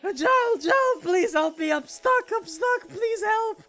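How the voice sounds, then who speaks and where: A man's voice: very high-pitched, expressive, slow pace, bright, forceful tone, faint music behind, pitched above the performer's own voice, exaggerated voice. A man voicing a panicked young man stranded far away, pleading tearfully for help.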